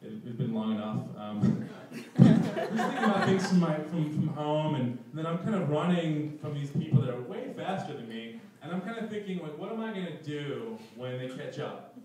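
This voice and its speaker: Young male storyteller, slightly high voice, self-mocking, giggly; very echoey room, mic far away. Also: very animated, normal speed, hardly any pauses, noisy background. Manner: self-mocking, laughing through his lines. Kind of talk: live personal storytelling. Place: live event room.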